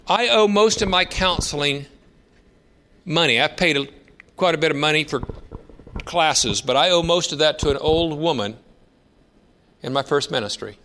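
A man's voice: on the high side, normal speed, pauses often, pushed and bright. A man in his fifties preaching a sermon, telling stories in a conversational way with emphatic rises. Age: 50s. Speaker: pastor.

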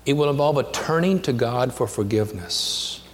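A pastor preaching a sermon, telling a childhood story, climbing to animated peaks and sinking to a hushed near-whisper. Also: male voice, medium pitch, moderate pace. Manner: storytelling, rising to animated peaks with self-deprecating humor; drops to a hushed near-whisper on intimate lines. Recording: long hall reverb, faint background noise.

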